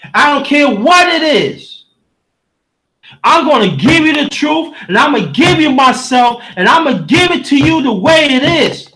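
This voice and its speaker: Very high-voiced fiery ranting man. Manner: preachy, fiery, often shouting, addresses listeners directly. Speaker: livestream host reading chat. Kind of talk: heated livestream rant.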